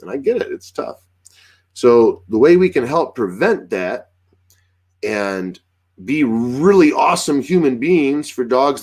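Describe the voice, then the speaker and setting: With a medium pitch and a breathy edge, a man gives laid-back advice on training dogs. An adult father of a young daughter, he stays animated and performs little exchanges as both dogs and owners.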